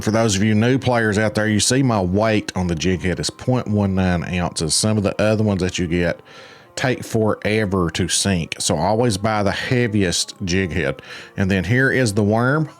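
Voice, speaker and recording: Slow, laid-back man with a low voice. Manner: laid-back, rambling, with frequent fillers. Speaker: game guide host. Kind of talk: casual gameplay commentary.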